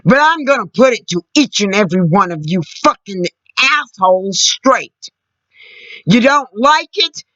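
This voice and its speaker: Furious American woman vlogger, bright sharp tone, dry dull recording. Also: mid-range voice, expressive, measured pace, no room sound. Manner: furious, profane, shouting at times. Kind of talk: angry political rant.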